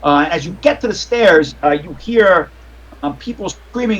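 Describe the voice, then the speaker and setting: A man's voice: high-pitched, lively intonation, a little slow, fairly bright tone, a little hiss or hum, low-quality recording. Fumbling, rambling male game master. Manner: rambling, with many fillers and restarts. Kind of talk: narrating a tabletop game.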